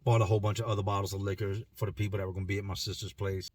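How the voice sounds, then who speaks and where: A man with a fairly low, flat, slightly mellow voice rattles off his personal life story to camera at rapid-fire speed. It's candid and emotional, full of casual slang and repeated words, and recorded without echo.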